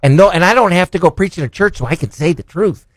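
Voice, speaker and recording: A man preaching a sermon and reading scripture as a broadcast host, earnest and emphatic, asking rhetorical questions and slowing down on key phrases. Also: high-pitched, animated, no room sound.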